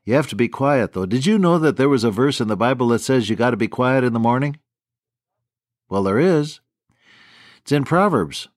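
A man's voice: mid-range voice, expressive, normal speed, long pauses, no echo, clean studio sound. Folksy older radio Bible teacher, man. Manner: folksy, chuckling, storytelling.

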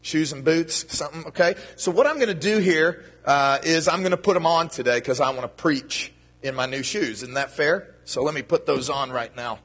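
A man's voice: a little high, normal speed, fairly bright tone. A man giving a children's sermon in a church, talking to the kids in a playful, friendly way. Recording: long reverb of a church hall.

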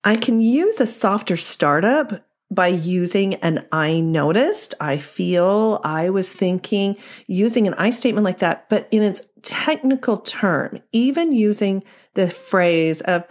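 A woman's voice: mid-range voice, expressive, unhurried, few pauses. A woman couples therapist giving an instructional talk, explaining ideas step by step through examples.

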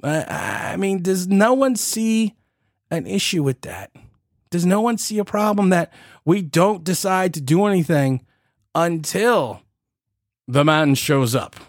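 A man in his forties rants sarcastically on his podcast, his pitch leaping and swooping as he mocks what he hears. His voice sits a little high and is recorded dry and close. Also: expressive, unhurried, no echo. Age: 40s. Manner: sarcastic, incredulous, with mocking asides and laughs. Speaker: podcast host. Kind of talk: opinionated political commentary.

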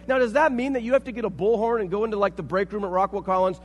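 A man's voice: high-pitched, fairly even intonation, very fast, hardly any pauses. Man preaching in a big hall. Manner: storytelling, acting out quoted voices, rising to loud emphatic preaching. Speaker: pastor. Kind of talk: sermon. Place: church sanctuary. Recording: long hall reverb, faint hum.

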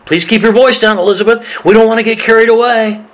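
A man voicing a fussy churchgoer who hushes and scolds someone for being too loud in church. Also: medium pitch, fairly quick, husky, low-quality recording. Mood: disapproving. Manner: prim, scolding, hushing.

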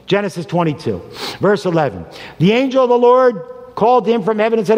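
Older male pastor, 60s, animated sermon storyteller, reverberant hall. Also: high-pitched, fairly quick. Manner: animated storytelling, voices the characters.

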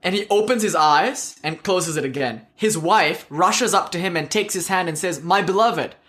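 A man's voice: high voice, moderate pace, fairly bright tone. A man from South India giving a casual, joking spiritual talk full of stories. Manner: joking, conversational, laughs often. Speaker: spiritual teacher.

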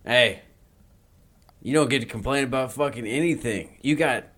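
A man co-hosting a podcast, trading deadpan, profane jokes in casual chat. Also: mid-range voice, moderate pace. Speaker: podcast co-host.

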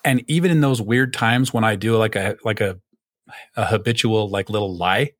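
A man's voice: lowish voice, normal speed, a bit bright, no echo, clean studio sound. A young adult man co-hosting a podcast, chatting casually, rambling with many fillers and restarts, and swearing freely. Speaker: podcast co-host. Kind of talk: casual chat.

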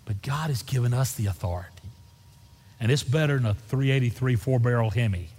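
A middle-aged pastor preaching a sermon, moving from folksy storytelling to fervent exhortation. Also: male voice, medium pitch, a little fast, darkish tone, husky. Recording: reverberant church hall.

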